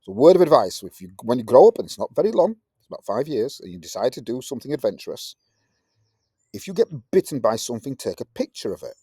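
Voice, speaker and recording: A man teaching a science lesson in a playful way, jumping into high, silly voices to act things out. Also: sing-song, fast talker, mellow, husky, no room sound, studio quality. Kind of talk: classroom lesson.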